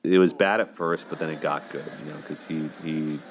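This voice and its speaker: Man, very deep voice, casual chatty commentary, frequent fillers. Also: steady tone, fairly quick. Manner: loose and chatty, full of "you know" and "like". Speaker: show host analyzing relationships.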